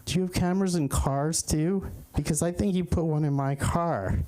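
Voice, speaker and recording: Mellow-voiced man doing stand-up. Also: on the high side. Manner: halting, repeats words while telling a story. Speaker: stand-up comic. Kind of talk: stand-up comedy.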